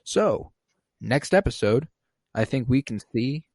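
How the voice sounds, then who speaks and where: A man co-hosting a casual podcast, animatedly retelling scenes and jumping into high voices for the quotes. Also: lively intonation, unhurried, a little mellow, no echo. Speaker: podcast co-host recapping a TV episode. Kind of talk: casual chat.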